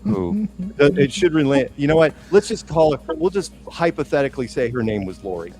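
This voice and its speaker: A man co-hosting a podcast, telling a long story in a rambling, animated way with lots of restarts. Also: on the high side, a little fast, over music. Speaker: podcast co-host. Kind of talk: casual storytelling chat.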